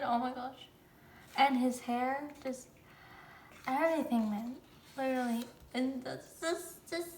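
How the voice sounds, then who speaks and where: A young woman with a high voice chats her way through an unboxing, slow and drawn-out, spilling over with excited exclamations. She sometimes drops to a soft whisper. The room is echoey, with faint ambience behind her. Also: slight background noise. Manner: gushing, excited exclamations and squeals. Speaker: vlogger unboxing a photobook. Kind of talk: casual unboxing chat. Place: room with a countertop, squeaky chair.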